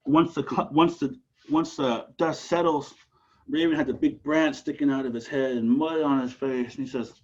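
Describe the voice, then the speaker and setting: A man from Alaska telling a traditional story aloud, animated, with dramatic rises and drops. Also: medium pitch, normal speed, muffled recording, a little hiss or hum.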